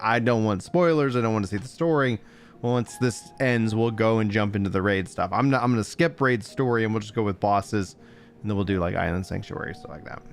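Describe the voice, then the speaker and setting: A young adult man chatting casually on a livestream, rambling with fillers and restarts. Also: mid-range voice.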